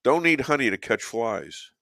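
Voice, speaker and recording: An older man hosting a talk show, hoarse from losing his voice, rambling and joking between filler pauses. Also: mid-range voice, sing-song, pushed and bright, no echo, clean studio sound. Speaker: show host. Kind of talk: casual talk show chat.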